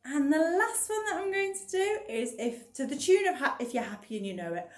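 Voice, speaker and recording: A woman's voice: high voice, lively intonation, a little fast. A woman leading a baby rhyme-time class as a children's librarian, sing-song and encouraging. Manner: sing-song and encouraging, sings nursery songs. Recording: echoey room.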